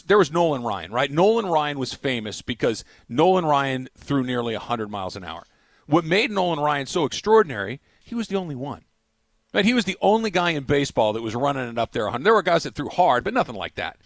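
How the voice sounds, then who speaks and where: Animated sports radio host, lively pitch. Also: male voice, no echo. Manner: animated, rambling, self-amused. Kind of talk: casual sports radio banter.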